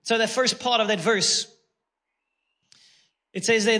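Pastor guy preaching, high bright voice, keeps repeating lines for punch. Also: steady tone. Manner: emphatic preaching with repeated phrases and drawn-out words. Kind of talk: sermon.

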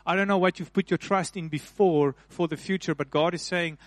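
High-voiced man preaching, dry sound. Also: steady tone, no room sound. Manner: preaching with rising emphasis and repetition; slow, deliberate stressing of key phrases. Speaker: pastor. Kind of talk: sermon.

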